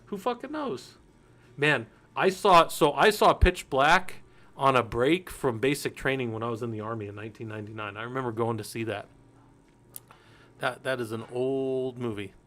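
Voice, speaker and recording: A man's voice: medium pitch, moderate pace, fairly bright tone. A man in his forties teaching a Linux security course in a candid, loose way, swearing freely and drifting into anecdotes. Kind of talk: casual technical lecture.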